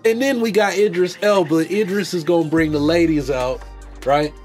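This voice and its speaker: A man's voice: a little high, normal speed, darkish tone, faint music behind. Slangy man riffing on movies. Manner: loose, joking, slangy, many restarts. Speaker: podcast host. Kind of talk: casual movie commentary.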